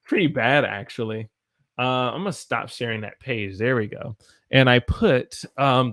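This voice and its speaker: A man's voice: mid-range voice, fairly bright tone, no echo. A man with an American accent giving a casual livestream English pronunciation lesson, repeating words to demonstrate them. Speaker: English teacher.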